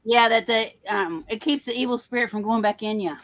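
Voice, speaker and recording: A woman's voice: on the high side, fairly quick, a bit bright, no echo. A woman from Tennessee, chatting casually on a live stream and laughing as she talks. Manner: chatty, laughs while talking. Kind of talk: casual livestream chat.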